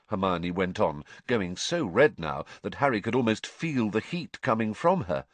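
A man narrating a story in an expressive, measured way. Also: on the low side, no room sound. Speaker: audiobook narrator.

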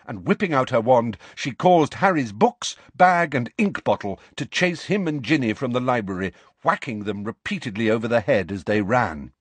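A man narrating a storybook in an expressive, measured way. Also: mid-range voice, slightly rough, dry recording. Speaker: audiobook narrator.

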